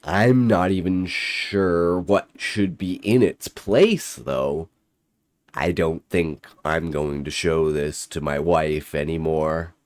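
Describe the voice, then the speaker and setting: Deep, slow-spoken horror narrator, man. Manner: dramatic, intense first-person telling. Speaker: storyteller.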